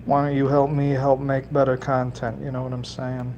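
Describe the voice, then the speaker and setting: A man's voice: medium pitch, monotone, moderate pace, a little mellow, muffled recording, a little hiss or hum. A man chatting casually on a solo livestream, rambling and cracking jokes to viewers while he works with his hands, with a slight put-on Italian lilt. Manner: rambling, jokey, talking to chat while working. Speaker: livestreamer building fishing lures.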